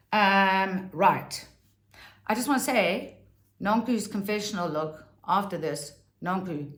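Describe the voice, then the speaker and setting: A woman's voice: lowish voice, a bit bright, roomy sound. A woman giving a casual, sarcastic and theatrical review of a reality TV show.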